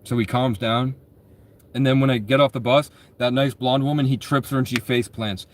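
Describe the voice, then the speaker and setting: A man's voice: medium pitch, fairly even intonation, moderate pace. Man, twenties, casual storyteller; rambling, profane delivery, constant self-corrections. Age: 20s.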